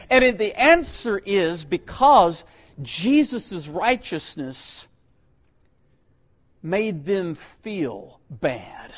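High-voiced man preaching a dynamic sermon. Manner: dynamic, swinging from loud emphatic calls to low quiet lines.

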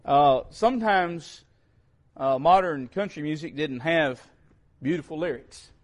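An earnest man gives a sermon-style talk to parents. His voice sits a touch higher than most men's, and he takes his words slowly and deliberately. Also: animated, highs cut off. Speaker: speaker addressing parents.

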